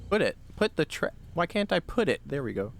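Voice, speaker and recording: Animated, playful man streaming a game. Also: a little high, fairly quick, creaky, soft background music. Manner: playful, laughs often, swears at the game. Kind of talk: casual gameplay commentary.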